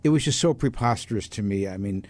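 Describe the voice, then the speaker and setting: A man's voice: on the low side, fast. An older man, a doctor and author, telling stories in an interview, acting out quoted voices and often restarting his sentences. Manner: animated storyteller who acts out quoted voices, frequent restarts. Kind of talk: storytelling interview.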